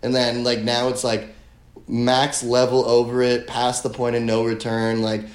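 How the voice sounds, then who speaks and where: A man's voice: medium pitch, monotone, a little slow. A young man telling a story in casual podcast chat, rambling with lots of filler words and swearing. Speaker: guest. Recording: roomy echo.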